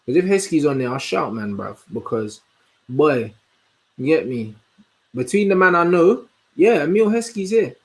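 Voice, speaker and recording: A young man, hosting a casual livestream and chatting in an animated, slangy way as he answers comments. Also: on the high side. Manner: slangy, animated, answers chat with quick asides. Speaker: host.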